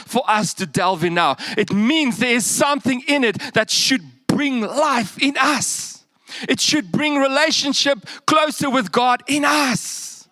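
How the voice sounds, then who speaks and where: A man preaching a sermon, animated, with humorous asides and bursts of emphasis that drop to quiet. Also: sits high, no room sound.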